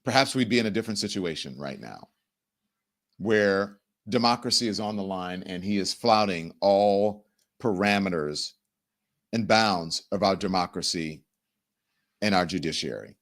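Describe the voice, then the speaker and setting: A middle-aged man hosting a live-stream talk show, animated and sarcastic, often mimicking the people he talks about. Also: deep voice, normal speed. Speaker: host.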